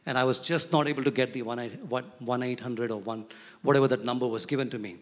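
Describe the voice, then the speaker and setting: Pastor preaching in a reverberant hall. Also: male voice, mid-range voice, fast. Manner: animated, questions the congregation often. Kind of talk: sermon.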